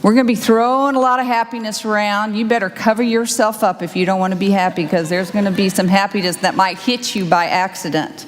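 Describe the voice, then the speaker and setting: A woman's voice: mid-range voice, fairly even intonation, fairly quick, few pauses. Upbeat woman preaching in a reverberant hall. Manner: upbeat, teasing, guides listeners through reflection. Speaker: minister. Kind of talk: sermon. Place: church sanctuary. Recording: long hall reverb, faint ambience.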